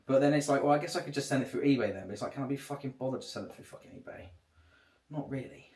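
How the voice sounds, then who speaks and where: A man's voice: mid-range voice, very fast, a little mellow. A man chatting casually on a livestream, rambling and swearing a lot. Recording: echoey room.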